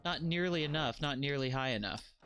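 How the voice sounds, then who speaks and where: A man's voice: fairly high pitch, brisk, heavy background noise. A man streaming a game live, rambling in a jokey way, swearing freely and chatting to his viewers.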